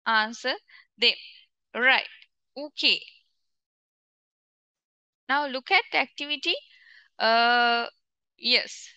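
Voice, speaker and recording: A woman with a high, bright Sri Lankan English accent teaches an online class at an unhurried pace. She repeats each word pair patiently so pupils can drill the sounds. The recording is close and dry. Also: smooth, dry recording. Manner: slow, repetitive teacher talk, drilling word pairs aloud.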